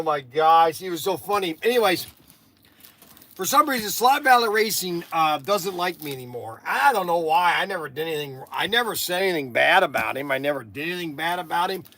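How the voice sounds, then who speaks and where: On a laid-back livestream, a man drifts between stories, chuckling at his own tales and frequently abandoning sentences to begin again. His slightly higher-than-average voice sounds pushed and bright, with some vocal fry.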